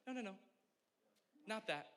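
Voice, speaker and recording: Man, young adult, pastor, casual sermon, bright voice, joking, animated. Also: high voice, measured pace, clean tone. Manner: conversational, self-deprecating, animated.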